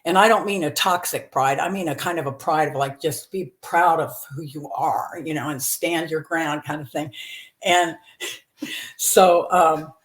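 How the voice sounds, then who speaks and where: A woman's voice: sits low, measured pace. Frank woman in her seventies telling stories. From Texas. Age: 70s. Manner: laughs often, talks frankly with many fillers. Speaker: podcast guest, comedian. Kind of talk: candid personal storytelling.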